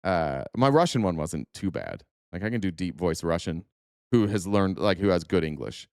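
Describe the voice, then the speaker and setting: A man's voice: deep voice, expressive, normal speed, vocal fry, a little mellow, clean tone, no echo, studio quality. A young man hosting a political commentary show, speaking sarcastically and swearing often. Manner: sarcastic, profane, laughs often. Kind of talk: casual reaction commentary.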